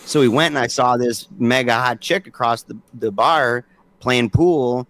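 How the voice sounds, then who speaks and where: A man's voice: medium pitch, a little slow, fairly bright tone, no room sound. A man in his forties, a podcast guest telling stories casually and acting out quoted dialogue with animation. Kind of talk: casual storytelling conversation.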